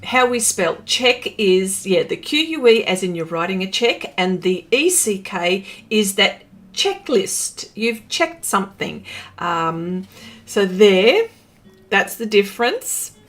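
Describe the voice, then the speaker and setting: A woman's voice: mid-range voice, sing-song, slow, fairly bright tone. A middle-aged woman with an Australian accent, chatting casually on a livestream, laughing often and trailing off with fillers. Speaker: artist livestreaming. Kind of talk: casual livestream chat reading comments.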